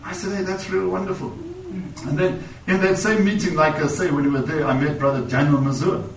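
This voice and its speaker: A man's voice: fairly high pitch, fairly even intonation, brisk, a little hiss or hum. Male preacher in an echoey church. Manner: storytelling, repeats "you know", rises in emphasis. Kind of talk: sermon testimony. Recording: echoey, distant church mic.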